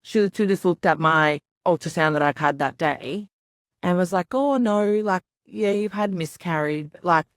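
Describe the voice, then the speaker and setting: A woman's voice: on the low side, moderate pace, no room sound, clean studio sound. A young woman on a podcast, telling her story in a rambling, casual way full of "like" and quoted asides.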